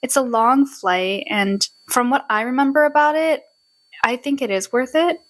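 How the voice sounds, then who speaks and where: A woman's voice: high voice, moderate pace, no room sound, low-quality recording. Chatty woman in her twenties, dry sound. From Nepal. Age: 20s. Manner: chatty, filler-heavy, laughs often. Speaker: podcast co-host. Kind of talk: casual chat.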